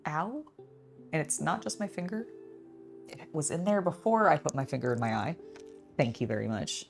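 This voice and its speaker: A woman's voice: low voice, animated, moderate pace, creaky, faint music behind. A young adult woman in a casual building vlog, chatting in a rambling way with many fillers and talking to her cat. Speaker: LEGO builder and channel host.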